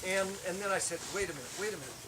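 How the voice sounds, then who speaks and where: A man tells a personal story at a camp worship service, his voice sitting high and lively. He acts out the shouted lines of the story with energy. The recording carries clear background noise. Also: rapid-fire. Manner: animated, acts out shouted quotes.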